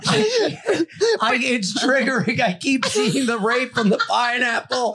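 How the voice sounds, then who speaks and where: A man's voice: very high-pitched, expressive, takes it slowly, pushed and bright, slight background noise. A man hosting a casual comedy podcast, riffing in jokey mock outrage. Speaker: podcast host.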